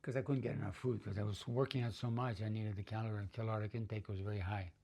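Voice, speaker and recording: A man's voice: steady tone, quick pace, creaky, slightly rough. Rambling middle-aged man telling a story. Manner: rambling, with many fillers and restarts; acts out quoted voices, often higher and louder. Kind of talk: casual spoken life story.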